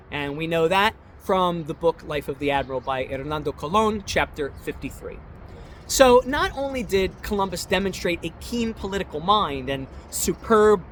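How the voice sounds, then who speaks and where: A man's voice: sits high, fairly bright tone, slight background noise. A man narrating a history chapter in an earnest, emphatic way, citing his sources as he goes.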